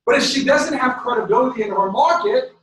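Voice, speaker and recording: A man giving a live sales training seminar, energetic, checking in with his audience and acting out conversations. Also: extremely high pitch, a little fast. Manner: acts out dialogue with quoted voices. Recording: echoey room, mic far off.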